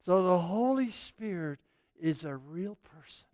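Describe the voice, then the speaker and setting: High, clear-voiced man preaching. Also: measured pace, dry recording, clean studio sound. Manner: animated storytelling preacher. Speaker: pastor. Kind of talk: sermon.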